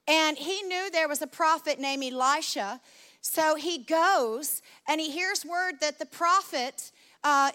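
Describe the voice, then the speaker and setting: High, bright woman preacher telling stories. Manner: lively storytelling, conversational. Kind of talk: sermon.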